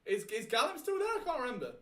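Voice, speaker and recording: A man with a British accent hosting a live sports draft watchalong, chatty and excitable, often correcting himself mid-thought. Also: very high-pitched, fast. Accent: British English. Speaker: host.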